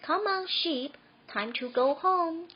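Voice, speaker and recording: A woman voicing a bored young shepherd boy who shouts and wails when excited. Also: on the high side, slow, husky, muffled recording, exaggerated voice. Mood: grumbling.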